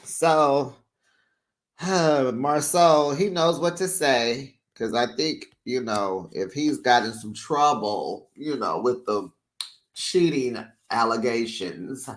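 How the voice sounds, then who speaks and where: A chatty recap host sits down with viewers to talk over a reality TV episode. The voice sits at a middling pitch but swings up playfully when reacting, and every opinion comes out frank and friendly. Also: lively intonation, slow. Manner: talks straight to viewers as "besties".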